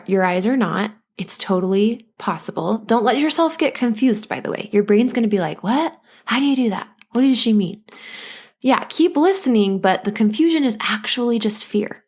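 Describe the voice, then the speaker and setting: Gentle woman coaching through anxiety. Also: medium pitch. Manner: gentle, coaching, acts out anxious inner voices. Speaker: podcast host, postpartum coach. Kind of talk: solo podcast talk.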